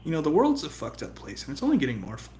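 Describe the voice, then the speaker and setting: A man's voice: fairly high pitch, wildly swooping pitch, very fast, a little mellow, slight background noise. A young man streaming live, talking in a casual, profane, rambling way that turns heartfelt. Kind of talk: casual livestream chat.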